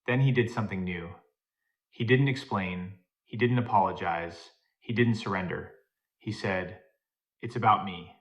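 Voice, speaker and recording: Man, story narrator, scripted, even and steady, lowish voice. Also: a little slow.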